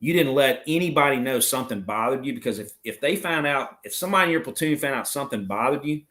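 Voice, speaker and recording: A man's voice: mid-range voice, expressive, quick pace, a bit bright. A middle-aged man, a retired Marine officer, telling blunt, profane stories in a casual interview. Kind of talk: casual storytelling chat.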